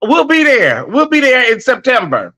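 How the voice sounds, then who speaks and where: A sassy man hosting a live stream, with a high voice that rides well above most men's. His tone is bright and forceful. He chats loosely and calls his audience y'all and honey. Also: huge pitch swings, moderate pace. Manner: sassy and chatty, addresses viewers as y'all and honey. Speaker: host of a live online commentary show. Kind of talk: casual live-stream commentary.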